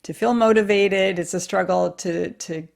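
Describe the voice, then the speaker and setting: A woman's voice: medium pitch, steady tone, normal speed, gravelly, darkish tone. A woman in her forties hosting a solo podcast, talking in an earnest, encouraging way with the odd swear. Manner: earnest, encouraging, mildly profane. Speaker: podcast host. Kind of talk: casual solo podcast talk.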